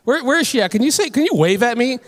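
A woman preaching a sermon in church. She tells a personal story in an animated way and builds to emphatic calls to her listeners. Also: a little high, fast talker. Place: church sanctuary.

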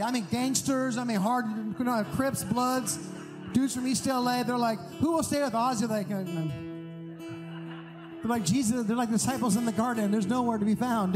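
High-voiced pastor preaching over guitar. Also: male voice. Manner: animated storytelling, emphatic. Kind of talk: sermon. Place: large church hall. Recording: long hall reverb with music. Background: guitar music.

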